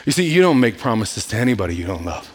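A man's voice: on the low side, sing-song, fast, husky. A male pastor preaching a sermon at a church service, joking and drawing responses from the congregation.

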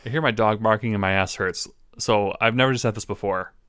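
Brief: man co-host, relaxed chat, quick dry jokes, dead-dry recording. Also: fairly low pitch, smooth, no room sound. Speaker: podcast co-host. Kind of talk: casual chat.

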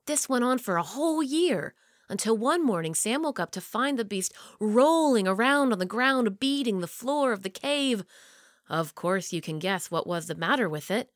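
A woman reading a children's story aloud, expressive and dropping low and quiet for the tense parts. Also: moderate pace, no room sound, clean studio sound.

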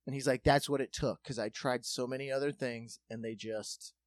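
A man recounts a long story during laid-back comedic banter, cursing openly and acting out what people told him with plenty of energy. He speaks at normal speed in a medium pitch. The recording is dry.

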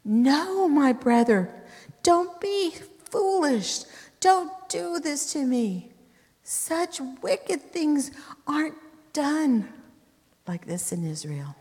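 A woman's voice: high voice, sing-song, very slow, darkish tone, voice pushed up, full character voice. Woman putting on a pleading young princess. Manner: pleading, earnest. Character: young royal woman pleading, desperate and virtuous. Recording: long hall reverb.

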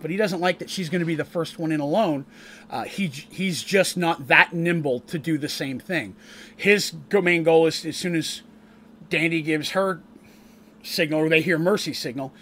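A fairly high-pitched, slightly bright male voice, with a little hiss or hum, belongs to a game master streaming a recap of his tabletop campaign. He grew up in Canada, is an adult, the eldest grandchild, and married, and he talks casually and loosely, restarting sentences a lot.

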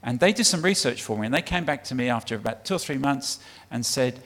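A middle-aged Englishman, a guest speaker for a child sponsorship charity, preaches to a church congregation in a church hall. His medium-pitched, fairly bright voice moves quickly with lively intonation and few pauses, and his chatty delivery is full of ums and restarts. The large hall gives the recording a long reverb.

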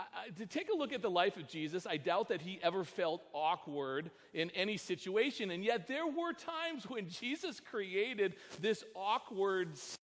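An American man preaching a sermon as pastor, telling a personal story with animated voices for the dialogue. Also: high-pitched. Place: church sanctuary. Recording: long church reverb.

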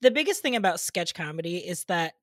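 Bubbly woman hosting a podcast, bright voice, laughs a lot, dry mic. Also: fairly low pitch, sing-song, brisk, no echo. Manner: bubbly, laughs often, many likes. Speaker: podcast host. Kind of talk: casual pop-culture chat.

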